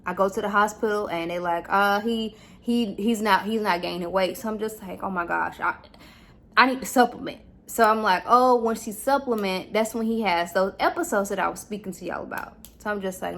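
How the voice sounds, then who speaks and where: A woman's voice: medium pitch, brisk, a bit bright. A young adult woman vlogging about her experience as a new mom, talking casually and candidly with many fillers. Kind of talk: casual personal storytelling.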